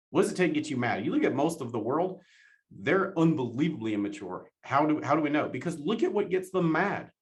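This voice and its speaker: A man giving a motivational talk, animated, laughing often and repeating his questions for emphasis. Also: a little high, a little fast. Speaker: motivational speaker.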